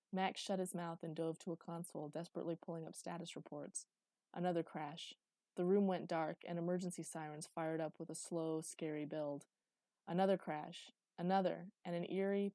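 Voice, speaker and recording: Audiobook narrator, woman, even storytelling, low-ish voice, dry booth. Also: normal speed, no echo. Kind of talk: first-person audiobook narration.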